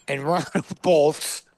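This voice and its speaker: A comedian telling a story with punchy comic timing, acting out the lines of the people in it. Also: male voice, on the high side, a little mellow. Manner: punchy comic delivery with acted-out quotes. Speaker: guest comedian. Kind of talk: animated storytelling. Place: studio.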